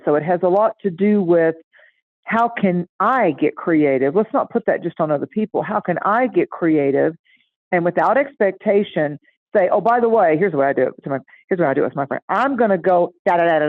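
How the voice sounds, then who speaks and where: A middle-aged woman chatting casually and telling a lively story, acting out the voices of the people in it. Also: fairly low pitch, no echo. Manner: animated, acts out voices in anecdotes. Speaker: astrology guest. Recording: tinny phone-like line, dry.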